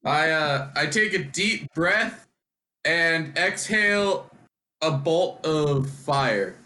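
A man playing in a tabletop game, talking in an unhurried, hesitant way. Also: fairly high pitch, lively intonation, bright, forceful tone.

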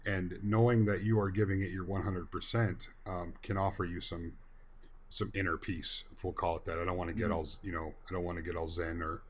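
A man's voice: low voice, level tone, brisk. A man in a casual discussion, speaking in an earnest, folksy and rambling way.

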